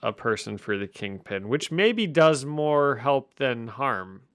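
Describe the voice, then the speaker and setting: A man's voice: medium pitch, expressive, slow pace, a bit bright, dry recording, clean studio sound. A man hosting a podcast, casually recapping a comic with jokes and frequent laughs. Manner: jokey, laughs often while recapping. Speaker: podcast host. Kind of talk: casual chat.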